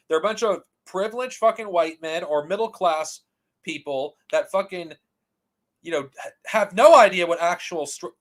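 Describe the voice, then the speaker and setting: High-voiced man ranting angrily. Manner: heated, profane, repeats himself and restarts often. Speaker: commentary channel host. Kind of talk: ranting commentary.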